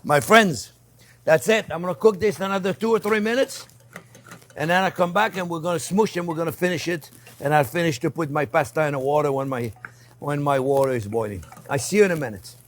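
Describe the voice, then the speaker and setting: A man hosting a cooking demonstration in a kitchen, chatty and animated, talking to viewers as friends. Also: a little high, fairly quick. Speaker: chef and host.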